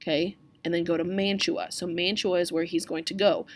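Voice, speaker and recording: A woman's voice: lowish voice, flat delivery, a little fast, hardly any pauses, slight background noise. A woman teacher explaining a play to students in a casual, plain-spoken way, often checking in with "okay?".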